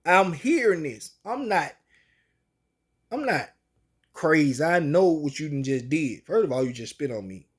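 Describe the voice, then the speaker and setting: Slangy man telling a story, fairly high voice. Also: sing-song, a little slow, slightly rough. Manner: slangy, colloquial. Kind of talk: casual spoken storytelling.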